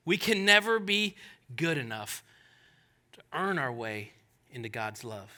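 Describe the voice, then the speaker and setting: High, bright-voiced male pastor preaching. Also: unhurried, pauses often. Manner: animated, conversational with jokey asides. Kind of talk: sermon.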